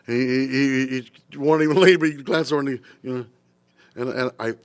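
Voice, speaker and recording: A man's voice: mid-range voice, fairly even intonation, moderate pace, dry recording. An older man, a guest musician, telling a story in a podcast interview and acting out the voices of people he quotes.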